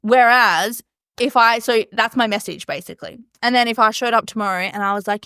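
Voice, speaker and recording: A young woman hosting a casual solo podcast, talking fast and chatty, laughing often and swearing casually. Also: on the high side, a bit bright, clean tone, dry recording, studio quality. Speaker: podcast host. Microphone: podcast mic.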